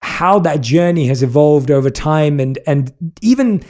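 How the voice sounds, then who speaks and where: The podcast host is a British man with a fairly high-pitched, expressive, darkish voice and a measured pace. In this casual interview chat he sounds earnest and effusive, offering lots of praise and reading from a book aloud.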